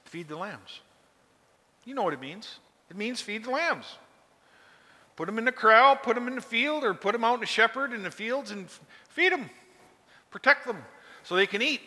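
A man's voice: high-pitched, pushed and bright, in a large hall. A man preaching a sermon in a folksy, conversational way, often asking his listeners questions. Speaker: pastor.

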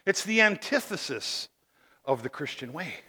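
Bright high-voiced preacher in a reverberant hall. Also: male voice, measured pace, slightly rough. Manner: animated storytelling, with tag questions to the congregation. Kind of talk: sermon.

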